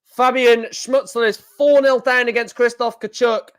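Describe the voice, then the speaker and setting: An excitable man commentating live on a stream, shouting and repeating himself at big moments. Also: very high voice, measured pace, clear, resonant tone.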